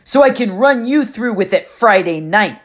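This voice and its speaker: A woman narrator gives a husky, mean-spirited teenage girl a slow, sneering drawl in an audiobook. She drags out her insults and sounds ready for a fight. The voice sits a touch back from the microphone. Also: mid-range voice, animated, pitched above the performer's own voice, close to an everyday voice. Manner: sneering, drawn-out taunts.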